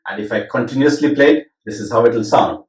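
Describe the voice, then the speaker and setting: A man's voice: mid-range voice, fast, recorded from a distance. A middle-aged man teaching percussion, counting beats aloud and reciting drum syllables in rhythm. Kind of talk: demonstrating rhythm lesson. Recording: roomy echo with drum music.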